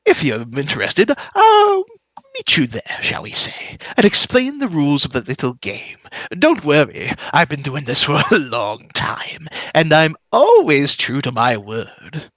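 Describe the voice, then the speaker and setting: A man's voice: fairly high pitch, wildly swooping pitch, a little slow, a bit bright, no echo, clean studio sound, heavily acted. A man voicing an eccentric old male wizard, a flamboyant showman with a theatrical, grandly affected manner. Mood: sly showman.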